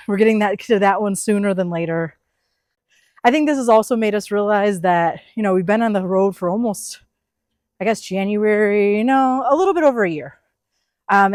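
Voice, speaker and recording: A woman's voice: medium pitch, darkish tone, no room sound, studio quality. A young woman from the US East Coast, talking candidly to camera in a casual vlog. She is reflective and uses many fillers like "like" and "you know.". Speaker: van life vlogger.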